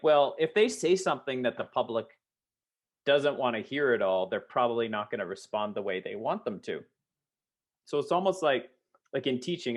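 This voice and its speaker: A young adult man, a former teacher, chatting casually on a podcast, rambling with many fillers and frequent laughs. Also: mid-range voice. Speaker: podcast co-host. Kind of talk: casual chat.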